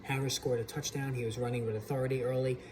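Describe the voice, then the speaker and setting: A man's voice: mid-range voice, flat delivery, quick pace, noisy background. A man hosting his own channel, giving casual opinionated fantasy football commentary alone at his computer, with plenty of restarts. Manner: opinionated, frequent restarts and fillers. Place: home computer setup.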